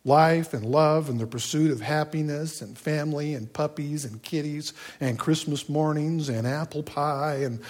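A man preaching a sermon in a conversational, folksy way, with asides and rhetorical questions. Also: a little high. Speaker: pastor.

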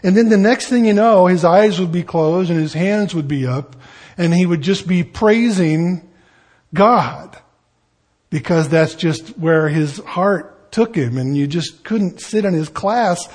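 A man's voice: sits high, unhurried, a little mellow. A man preaching an expository sermon in a conversational way, with asides and shifting emphasis. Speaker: pastor.

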